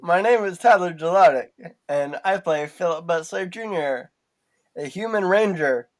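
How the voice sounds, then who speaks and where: A man introducing his character in a tabletop role-playing podcast, loud and joking. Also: high-pitched, animated, moderate pace. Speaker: player.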